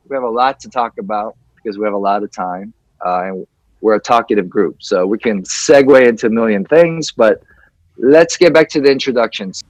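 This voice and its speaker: A man's voice: medium pitch, no echo, rough recording. A man in his forties hosting a podcast over a video call, telling a long, rambling story and acting out the quoted lines. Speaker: podcast host.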